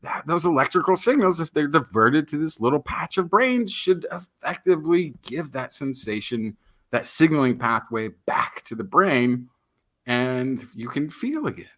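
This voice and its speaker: A man with a bright, forceful voice joins in on a science podcast. His pitch swings widely as he riffs playfully on the topic. He talks casually, with fillers and quick asides. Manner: animated, playful explaining. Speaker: podcast co-host.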